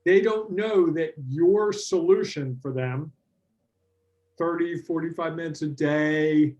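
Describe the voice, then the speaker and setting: A man's voice: a little high, slow pace. A middle-aged man presenting a business workshop in a conversational way, telling stories and acting out what his clients say. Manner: animated storytelling, acts out quoted clients.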